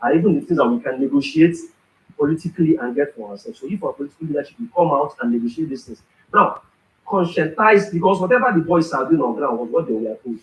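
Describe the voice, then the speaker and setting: A man's voice: on the high side, animated, fast talker. A man with a Nigerian accent, a barrister on a talk show panel, speaking emphatically and repeating himself. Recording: roomy echo.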